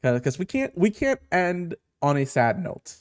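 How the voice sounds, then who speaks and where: A man hosting a casual comic reaction, excitable, laughing often and repeating himself. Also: high voice, a little slow, smooth, dry recording, studio quality.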